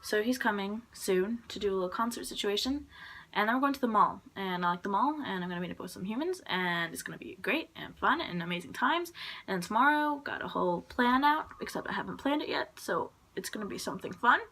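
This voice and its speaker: A woman's voice: mid-range voice, lively intonation, fairly quick, sharp tone. A young woman vlogging in a casual, rambling chat to her camera, full of fillers and little laughs. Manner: rambling, filler-heavy, giggly. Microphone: phone or camera propped on a suitcase.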